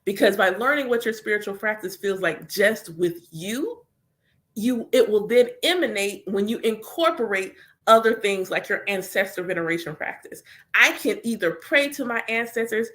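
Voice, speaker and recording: Chatty higher-voiced woman on spirituality. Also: animated, normal speed, a bit bright. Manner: candid, chatty, full of filler "like"; slips into voiced quotes of prayers and conversations. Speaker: spiritual reader and teacher. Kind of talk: casual spiritual talk.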